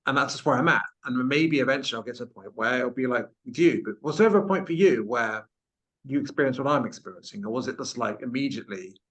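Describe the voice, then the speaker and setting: A man's voice: medium pitch, fast talker. A man hosting an interview, asking long searching questions in a rambling, self-deprecating way. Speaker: interviewer, podcast host. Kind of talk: casual interview conversation.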